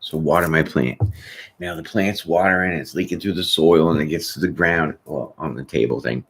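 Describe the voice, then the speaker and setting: Low-voiced guy doing a laid-back tarot q&a, rambly and chatty. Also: moderate pace, breathy edge. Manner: chatty, rambling, frequent "you know what I'm saying". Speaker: tarot reader host. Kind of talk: casual live Q&A chat.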